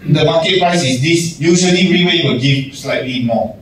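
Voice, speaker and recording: Animated man in echoey room. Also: on the high side, moderate pace. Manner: animated, acts out little scenes with laughs. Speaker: general manager giving a talk to staff. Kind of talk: casual motivational talk. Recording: echoey room, distant mic, noisy.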